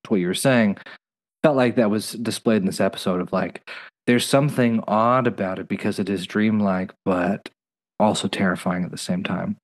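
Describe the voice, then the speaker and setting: A podcast co-host with a lowish voice and fairly even intonation speaks at a moderate pace in a casual TV recap chat. He tells stories animatedly and slips into playful voices.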